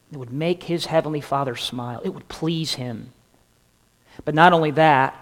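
Slow, earnest preaching man in a hall. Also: a little high. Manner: earnest preaching with rhetorical questions, dropping soft at phrase ends. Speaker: pastor. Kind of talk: sermon. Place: church sanctuary.

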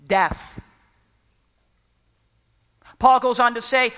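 In a large hall, a preacher delivers an emphatic sermon, often pausing so the congregation can supply a word and repeatedly urging people to listen. His voice is mid-range and a bit bright.

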